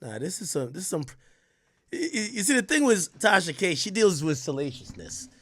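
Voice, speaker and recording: Man reacting with lively, incredulous asides. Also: high voice, normal speed, no room sound. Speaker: streamer reacting to a clip. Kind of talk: casual reaction commentary.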